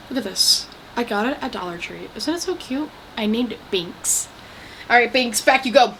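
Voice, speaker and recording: A young woman casually recapping a movie, chatty and animated, saying "like" a lot and breaking off to talk to the camera. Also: on the high side, moderate pace, a little hiss or hum, rough recording. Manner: chatty, animated, heavy use of "like"; breaks off to talk to the camera about her coffee and pillow. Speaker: vlogger reviewing a movie.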